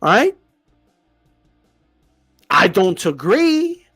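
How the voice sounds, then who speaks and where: A man's voice: sits high, big pitch swings, very slow, fairly bright tone, breathy edge, no echo, faint music behind. A man hosting a boxing channel, ranting to the camera with heavy swearing and lots of repetition. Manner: profane, heated, repeats himself.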